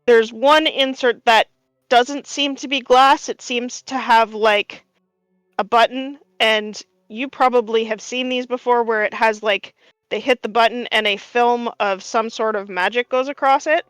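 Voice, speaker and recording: A woman's voice: fairly high pitch, fairly even intonation, measured pace, a bit bright, smooth, dry recording. A woman narrating a tabletop game as game master, describing scenes unhurriedly with many fillers.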